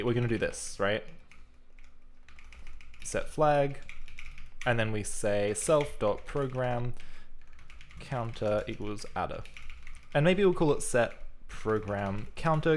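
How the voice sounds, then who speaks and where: A man of ordinary pitch chats through his programming on a live stream, thinking aloud in a loose, casual way. Keyboard typing can be heard behind him. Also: a little hiss or hum. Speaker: programming livestreamer. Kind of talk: live coding commentary.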